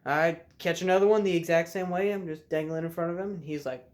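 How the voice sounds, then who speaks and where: A young man casually telling a fishing story to the camera from his messy room at home, in a laid-back drawl with loud shouted bursts as he acts it out. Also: a little high, fairly even intonation, quick pace.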